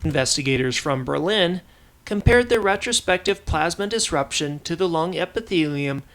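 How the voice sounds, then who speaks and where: A man's voice: on the high side, animated, moderate pace, a bit bright. A man reading medical research news for a podcast, often stumbling and restarting on technical terms. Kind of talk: reading science news script.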